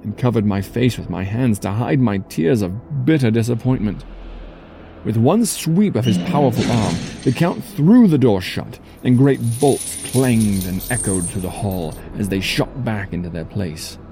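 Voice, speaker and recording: A man giving measured, dramatic first-person audiobook narration. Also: fairly low pitch, animated, vocal fry, background noise. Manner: measured, storytelling delivery. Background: faint music.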